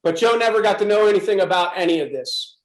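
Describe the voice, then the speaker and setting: Intense high-voiced man telling his story. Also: lively intonation, quick pace, roomy sound, rough recording. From USA. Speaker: speaker at a club presentation. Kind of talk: personal testimony talk.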